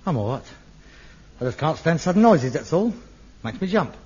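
A middle-aged man, acting in an old TV sitcom, theatrical and excitable, muttering one moment and ranting the next. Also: a little high, normal speed, husky, exaggerated voice. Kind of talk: 1960s-70s TV sitcom acting. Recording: lo-fi archive TV sound with faint hiss.

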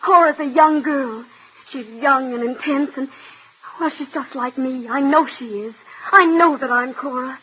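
An actress playing a desperate, tearful young aspiring actress in a 1940s radio drama, pleading with a breathless, emotional delivery. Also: female voice, high voice, unhurried, breathy edge. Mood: begging. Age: young adult. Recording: muffled old radio recording.

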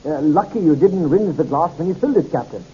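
A man voicing an eager, apologetic young male chemist who talks quickly and hesitantly. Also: fairly high pitch, expressive, dark tone, husky. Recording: dull lo-fi recording.

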